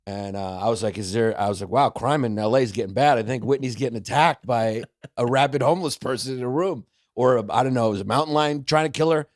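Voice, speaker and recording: A man in his forties, a comedian guest on a podcast, telling stories with quick joking riffs. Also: medium pitch, no echo, studio quality. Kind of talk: casual storytelling chat.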